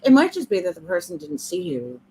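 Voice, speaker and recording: A woman co-hosting a livestream, reading out points slowly with many fillers. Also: on the low side, wildly swooping pitch, vocal fry, mellow, a little hiss or hum, low-quality recording. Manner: slow, reads points with fillers. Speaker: co-host. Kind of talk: casual livestream discussion.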